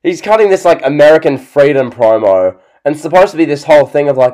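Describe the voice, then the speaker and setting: A man's voice: on the high side, lively intonation, fast talker, few pauses, dark tone. A man hosting a wrestling podcast, chatting casually with sarcastic, mock-serious remarks. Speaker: podcast host. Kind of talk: casual chat.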